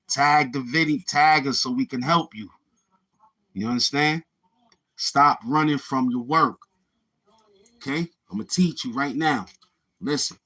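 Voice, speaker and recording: Here a middle-aged livestream host with a Brooklyn accent talks through his chat, replying in streetwise slang and circling back to the same points. He speaks in a mid-range voice, unhurried and pausing often, with a pushed, bright quality. He hails from Brooklyn, New York.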